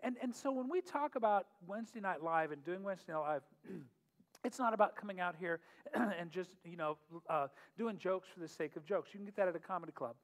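A man's voice: sits high, brisk. A middle-aged man, a pastor hosting a worship night in a church, talking in a chatty, joking way with frequent laughs, then leading a prayer. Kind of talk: casual humorous talk and prayer. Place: church sanctuary. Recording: long hall reverb, faint music.

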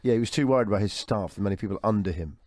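A man's voice: fairly low pitch, very fast, a little mellow. A man hosting a radio sports show from a studio, bantering and telling rambling, jokey anecdotes.

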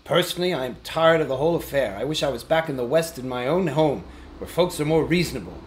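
A man voicing a small, fussy, businesslike male hobbit in an audiobook, prim and a little squeaky. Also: expressive, fast, a little hiss or hum, natural voice. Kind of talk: audiobook character reading.

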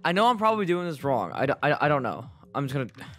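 A man's voice: mid-range voice, very animated, quick pace, fairly bright tone. A young man giving gameplay commentary, swinging between nervous muttering and frustrated outbursts. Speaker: gaming YouTuber.

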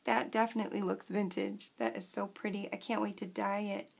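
A woman vlogger chatting casually as she unboxes craft supplies, gushing and excitable. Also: medium pitch, fairly quick, vocal fry, breathy edge.

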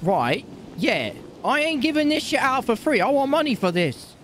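A man with a high, animated voice complains and haggles, cursing freely and sounding fed up. Loud car and street noise from the game sits under him. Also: moderate pace. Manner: agitated, swearing, haggling. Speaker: streamer playing a street dealer character. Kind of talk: role-play phone calls.

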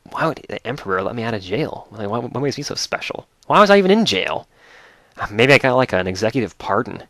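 Excitable man playing a video game. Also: on the low side, quick pace, dry recording. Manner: excitable, gushing, joking. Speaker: let's play host. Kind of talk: casual gameplay commentary.

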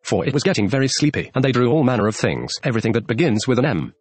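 A man voicing a sleepy, sulky male dormouse with a hoarse, feeble voice. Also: medium pitch, animated, very fast, no room sound.

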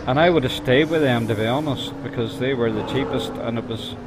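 Chatty man over loud noise. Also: medium pitch, brisk. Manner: chatty, teasing banter while driving. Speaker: live streamer playing a bus-driving game. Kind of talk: casual live-stream chat.

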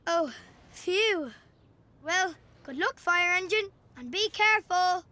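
A woman's voice: lively intonation, slow, exaggerated voice. A woman voicing a cheerful, curious four-year-old boy in a children's cartoon. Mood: cheerful, polite. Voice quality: high bright childlike voice.

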